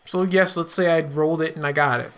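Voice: mid-range voice, fairly even intonation, fast talker, heavy background noise. A tabletop game player talking casually and eagerly, thinking aloud about what to do next.

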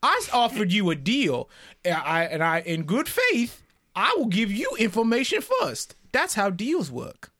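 A syrupy Southern charmer with a lively, swooping drawl, as a man puts him on at the gaming table. He wheedles and bargains, bright and eager in tone. A tabletop role-play voice. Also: high-pitched, unhurried, full character voice. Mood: folksy. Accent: put-on American Southern. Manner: drawling, overly folksy, wheedling dealmaker. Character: man putting on an exaggerated southern-gentleman drawl.

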